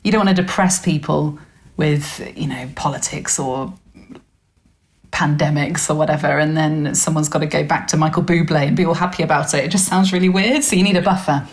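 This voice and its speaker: A woman's voice: deep voice, steady tone, a little fast. A woman, a radio news presenter chatting as a guest on a podcast and laughing often. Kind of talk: casual podcast chat.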